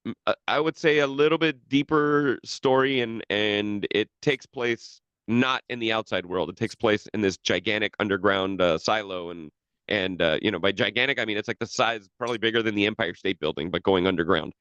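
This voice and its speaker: A man's voice: on the low side, brisk, a bit bright, clear, resonant tone, dry recording, muffled recording. A man co-hosting a podcast in casual chat, rambling with lots of restarts and casual swearing. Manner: rambling, profane, many restarts. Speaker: podcast co-host.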